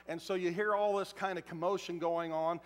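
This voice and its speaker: A pastor delivers a relaxed, conversational sermon and slips into acted quotes. His voice is fairly high for a man. A long reverb from the big church auditorium trails each phrase. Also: brisk. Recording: echoey hall.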